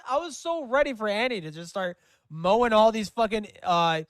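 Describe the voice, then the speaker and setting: A man's voice: high-pitched, expressive, normal speed, smooth, no room sound, clean studio sound. A man giving casual gameplay commentary, crude and mocking, laughing often. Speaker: gaming commentator.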